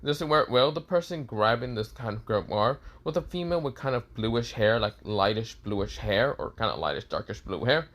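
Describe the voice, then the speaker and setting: A man's voice: mid-range voice, lively intonation, normal speed, hardly any pauses, fairly bright tone. A man casually narrating a fan story, rambling with lots of fillers and restarts.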